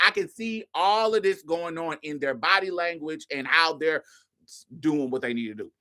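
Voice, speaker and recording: Bright, animated woman telling a story. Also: sits low, moderate pace. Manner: animated, profane, addresses listeners as y'all, honey and baby. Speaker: host. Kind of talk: casual storytelling to an audience.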